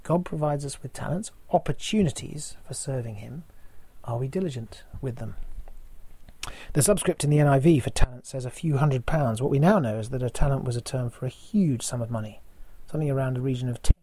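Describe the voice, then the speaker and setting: A man, preaching a sermon in a measured way and posing rhetorical questions to the listeners. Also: medium pitch, warm tone, breathy edge, no echo. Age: 40s.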